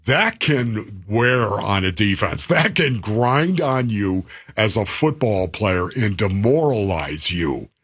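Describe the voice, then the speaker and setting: A man hosting sports talk radio, animated and driving points home with repetition. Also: lowish voice, takes it slowly, hardly any pauses, breathy edge.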